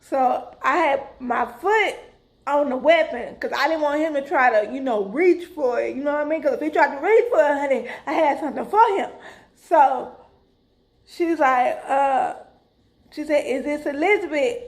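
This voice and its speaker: A middle-aged woman tells a story straight to her viewers. Her voice sits high and she talks in a lively, dramatic way, calling out to them as "y'all". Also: normal speed. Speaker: vlogger. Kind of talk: casual storytelling to camera.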